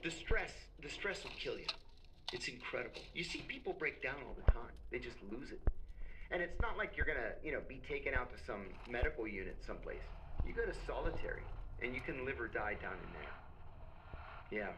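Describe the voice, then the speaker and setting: Man, middle-aged, podcast guest, animated storyteller, noisy background. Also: mid-range voice, a little fast. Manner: animated, acts out quoted voices. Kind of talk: storytelling in conversation. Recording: noisy recording.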